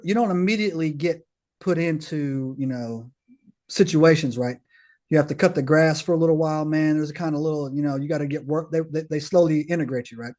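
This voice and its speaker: A man with a slightly raised voice tells his story as a podcast guest, loose and slangy. He keeps tossing in casual tags and checks that the listener is following. When he retells a scene he slips into the other people's voices. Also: on the high side. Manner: slangy, peppers talk with "man", "bro", "right?"; animated, acts out others' dialogue.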